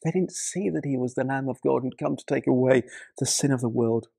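A male pastor delivers a sermon in a gravelly, textured voice. The sound is dry and close, with no room around it. He often repeats words as he starts a thought, then rises into loud, dramatic bursts before dropping low again. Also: brisk, no room sound. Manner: repeats words when starting sentences, dramatic shifts in pitch and loudness.

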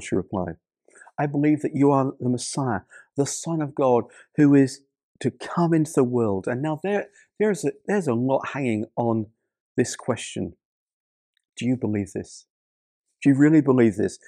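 Male preacher, gravelly voice, mellow dark tone, dry close sound, earnest, stumbling restarts. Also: on the high side, no room sound. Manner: earnest, repeats words and restarts often. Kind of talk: sermon.

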